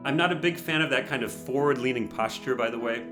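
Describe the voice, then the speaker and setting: A man's voice: medium pitch, fast. A man teaching piano while reacting to a performance, analytical and frankly opinionated, humming melodies to make his points. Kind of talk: explanatory reaction commentary.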